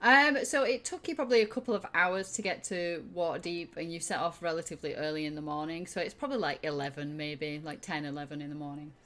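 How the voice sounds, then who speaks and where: A woman's voice: low voice, steady tone, quick pace, few pauses, a bit bright. A woman narrating as game master of a tabletop game, casual and full of fillers.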